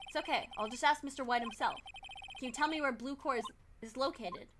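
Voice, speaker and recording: A woman's voice: high-pitched, brisk, background noise, close to an everyday voice. A woman voicing an earnest young male defense lawyer who asks plain questions.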